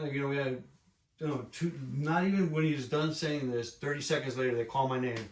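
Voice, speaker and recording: A man interviewing a guest, trading quick, profane anecdotes in casual chat. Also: medium pitch. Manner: fast, profane anecdotes, laughing along. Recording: roomy, mic far off.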